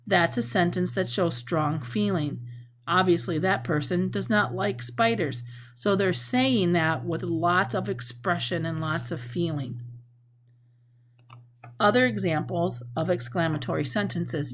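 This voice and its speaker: A woman's voice: fairly low pitch, a little slow, slight background noise. A woman teacher giving a recorded lesson, explaining patiently and acting out example sentences with feeling.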